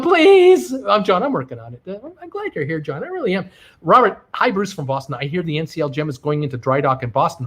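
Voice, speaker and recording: A middle-aged man hosting a live stream, reading viewer comments aloud and answering them with quick asides. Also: on the high side. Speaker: livestream host reading viewer chat. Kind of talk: casual live-stream chat.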